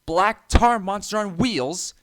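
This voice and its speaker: A man voicing a proud, hot-tempered young male steam engine, indignant and then shouting in panic. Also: a little high, lively intonation, unhurried, voice pushed up.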